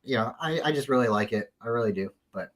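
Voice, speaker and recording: Male guest, mid-pitched, earnest and rambling, casual storyteller who restarts his sentences often. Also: quick pace, poor audio.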